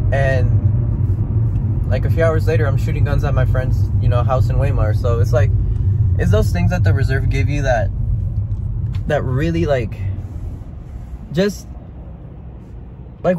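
A man's voice: on the high side, dull audio. A man in his twenties vlogging from his car in traffic, talking in a slangy, rambling way with lots of fillers. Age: 20s. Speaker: vlogger and military reservist. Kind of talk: casual vlog chat. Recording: loud car and traffic noise.

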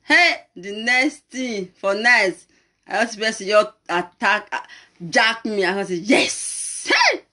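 Female talk host, Nigerian Pidgin accent, unhurried and animated, laughs through her storytelling. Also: medium pitch. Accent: Nigerian Pidgin English. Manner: animated, laughing storyteller who switches between English and Pidgin. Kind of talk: storytelling to camera.

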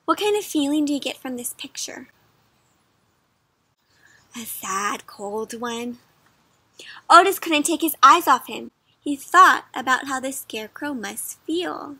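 Woman, kids' read-aloud host, gentle and questioning, high voice, dry close mic. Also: expressive, measured pace, pauses often, no room sound. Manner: gentle, asks the listener questions. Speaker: children's storybook reader. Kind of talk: interactive read-aloud for kids.

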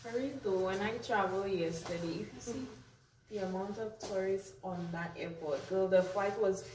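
A woman's voice: medium pitch, moderate pace, a little mellow, distant mic, a little hiss or hum. A young woman from Saint Lucia with a Saint Lucian accent, joking around in casual chat with her friend. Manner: playful, joking. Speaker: friend, guest. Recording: echoey room, off-mic.

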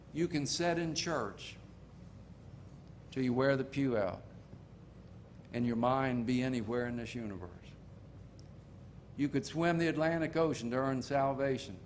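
An older man preaching a sermon in a folksy storytelling manner, slowing down to stress key points. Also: medium pitch, a little hiss or hum.

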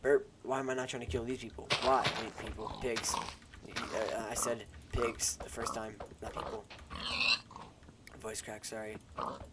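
This gaming YouTuber, a young man, speaks at a measured pace in a medium-pitched voice that barely rises or falls. Through his headset mic he offers casual, self-deprecating commentary on his game, rambling and cracking jokes for viewers over keyboard clicks in a noisy home setup.

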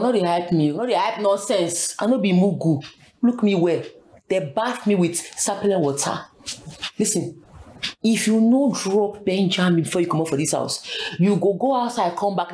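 An actress with a Nigerian accent playing a sharp-tongued wife who scolds her husband in Pidgin. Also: medium pitch, expressive, moderate pace, lightly acted. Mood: scolding. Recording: echoey room with faint noise.

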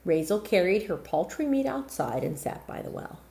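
Lively woman reading a picture book. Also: mid-range voice, vocal fry, a little hiss or hum. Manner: lively, pausing to explain words to listeners. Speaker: storyteller.

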